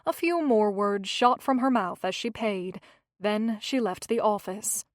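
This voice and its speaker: A woman narrating a historical romance audiobook in a measured, scripted storytelling style on a close studio mic. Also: medium pitch, no echo.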